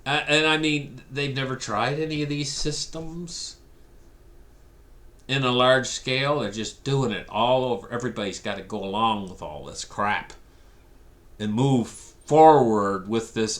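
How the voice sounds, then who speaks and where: Male commentator, animated storyteller, bright edge, sarcastic rant. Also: mid-range voice. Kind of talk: ranting monologue.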